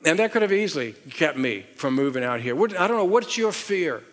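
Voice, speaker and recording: A man's voice: a little high, very animated, fairly quick, a bit bright. A middle-aged man with a Southern US accent preaching a sermon as pastor, talking conversationally with frequent repeated words and rising emphasis. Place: large church auditorium. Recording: long hall reverb.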